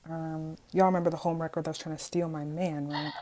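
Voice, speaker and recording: A young woman vlogger telling a story from school in an animated, dramatic way, acting out what people said. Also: deep voice, fairly quick, noisy background. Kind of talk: casual storytime vlog.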